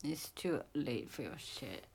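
A woman's voice: low voice, expressive, a little slow, creaky, darkish tone, slight background noise. A woman in casual chat, rambling with many restarts and fillers.

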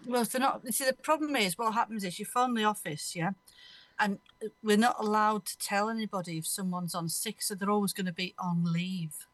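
A woman's voice: mid-range voice, a little fast, no room sound. Rambling, anecdotal woman host. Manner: rambling, anecdotal, laughs through her stories. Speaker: radio show host. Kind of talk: casual chat.

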